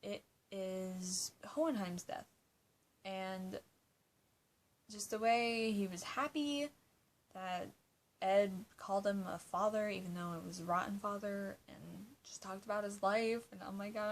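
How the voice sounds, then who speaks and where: Fielding fan questions for her casual vlog, an eighteen-year-old woman talks a little slowly in a mid-range voice over slight background noise. She's chatty and loose, swears, laughs often, and fills her sentences with "like."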